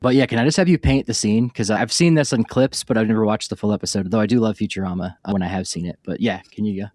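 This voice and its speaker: A man with a lowish voice hosts a casual podcast chat, rambling through fillers and quick self-corrections. The sound is dry and close, with no room around it. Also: darkish tone, dry recording. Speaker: podcast host. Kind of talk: casual conversational interview.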